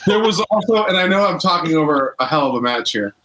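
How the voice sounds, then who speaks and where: A man's voice: fairly high pitch, animated, quick pace, fairly bright tone, slight background noise. A man co-hosting a casual watch-along chat, telling stories animatedly and swearing freely. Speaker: podcast co-host. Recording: echoey room.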